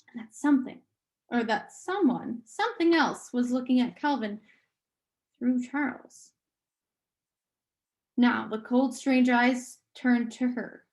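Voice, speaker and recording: A woman reading a novel aloud at a steady pace, sometimes restarting a phrase. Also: a little high, measured pace. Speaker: audiobook reader.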